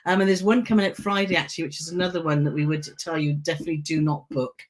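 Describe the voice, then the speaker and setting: A woman's voice: low-pitched, fairly even intonation, fast talker. A woman co-hosts a casual travel live stream. She chats easily and greets viewers by name while reading out their comments.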